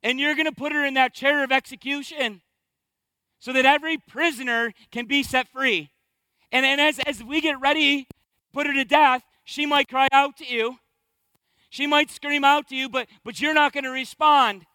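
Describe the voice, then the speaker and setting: A man's voice: very high-pitched, fairly even intonation, normal speed, bright, forceful tone, dry recording. A man in his thirties, a pastor preaching a sermon in church, emphatic and repeating phrases to drive points home.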